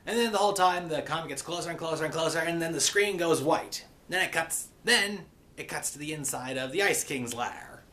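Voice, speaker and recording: Guy rambling thru a cartoon recap, lots of uhs, bright voice, tosses in a pirate arr. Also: a little high, brisk. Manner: rambling, with many fillers and a playful pirate growl. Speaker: cartoon episode reviewer. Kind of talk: casual episode recap.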